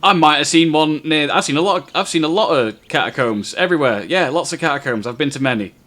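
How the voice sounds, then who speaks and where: A man's voice: fairly high pitch, fast, bright, forceful tone, pitched above the performer's own voice. A man voicing an older male thug who rambles and can't stop himself from talking. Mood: flustered.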